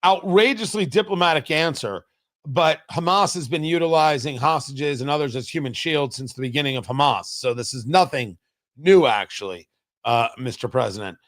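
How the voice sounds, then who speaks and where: A man's voice: fairly high pitch, a bit bright. A man hosting a political talk show, giving emphatic, opinionated commentary. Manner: emphatic, opinionated, drawn-out pauses for stress.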